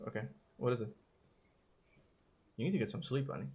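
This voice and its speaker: A man's voice: mid-range voice, animated, fairly quick, darkish tone, a little hiss or hum. A man hosting a casual gaming live stream, rambling and interrupting himself, out of breath from climbing stairs.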